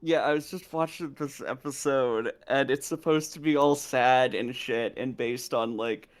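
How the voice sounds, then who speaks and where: In an unhurried, mid-range voice, a man co-hosting a live stream tells a casual, rambling story, giggling and swearing often. The audio has no echo.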